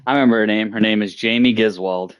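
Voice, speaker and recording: A man's voice: fairly low pitch, steady tone, fast talker, smooth. A man telling a story casually, rambling and profane, with many fillers and restarts.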